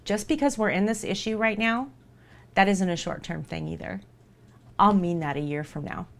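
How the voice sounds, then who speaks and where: Woman, live streamer, casual talk to viewers, earnest, reassuring, repetitive emphasis, mid pitch. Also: moderate pace, creaky.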